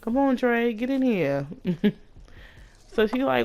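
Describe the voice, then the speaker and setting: A woman's voice: fairly high pitch, very animated, takes it slowly, a little mellow. A young woman giving casual, slangy commentary on a life-simulation game, retelling the characters' talk line by line.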